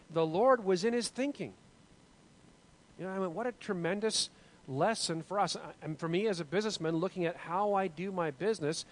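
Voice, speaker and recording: A man's voice: high voice, poor audio. Earnest man leading a Bible study. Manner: earnest, musing, full of restarts. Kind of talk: group Bible study discussion.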